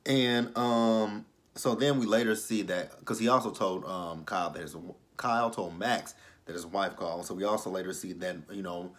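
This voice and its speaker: A man with a fairly low voice talks through a TV episode in a relaxed, chatty recap. He wanders through his sentences with plenty of fillers and asides, and he sounds like he's just talking to a friend. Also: normal speed, hardly any pauses. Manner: chatty, loose, with many fillers. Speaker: TV show reviewer.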